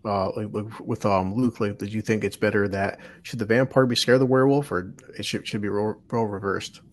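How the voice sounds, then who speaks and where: Fast-talking man in loose podcast chat. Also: lowish voice, fairly even intonation. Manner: quick, loose talk with many fillers and swearing.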